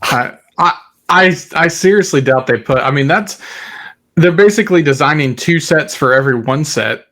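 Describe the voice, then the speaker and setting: A man's voice: fairly high pitch, expressive, normal speed, fairly bright tone. A man in casual podcast chat, matter-of-fact, cutting in with short remarks.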